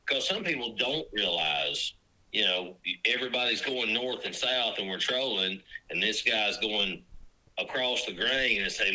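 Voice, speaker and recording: A man's voice: on the low side, a little slow, poor audio. A man, a fishing guide chatting casually on a podcast and acting out run-ins on the lake. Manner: animated storyteller, acts out lake encounters.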